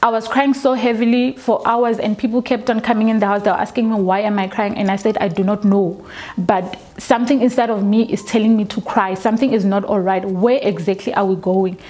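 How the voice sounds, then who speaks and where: A woman, telling her own story for a documentary, slow and halting with frequent restarts. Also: medium pitch, fairly even intonation, darkish tone. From South Africa. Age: 20s. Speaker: documentary interviewee. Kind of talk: personal testimony.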